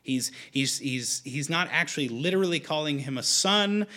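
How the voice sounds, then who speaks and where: A man's voice: a little high, expressive, normal speed, pushed and bright. A man preaching a sermon in a conversational way, often restarting his sentences. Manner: conversational, with frequent restarts and fillers.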